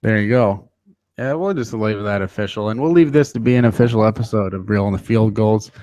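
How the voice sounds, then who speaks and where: A man's voice: lowish voice, fairly quick, a little mellow, dry recording. A man hosting a sports podcast, chatting casually in a loose, self-deprecating way with lots of "uh" fillers. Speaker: podcast host.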